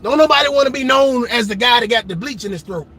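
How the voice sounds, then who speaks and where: A man doing a loud, profane comedic rant, laughing often and slipping into mock voices. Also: extremely high pitch, fast, a little hiss or hum. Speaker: comedic commentator.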